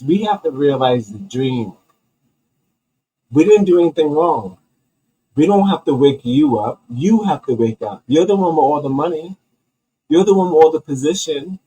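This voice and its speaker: A man's voice: fairly high pitch, expressive, a little slow, long pauses, dark tone, husky, rough recording. A man hosting his own comedy commentary show, ranting with heavy swearing and rambling restarts. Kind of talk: profane comedic rant.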